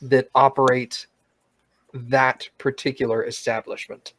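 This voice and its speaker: A man's voice: mid-range voice, little pitch movement, unhurried, fairly bright tone. A man playing a tabletop game, talking hesitantly and playfully. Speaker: player.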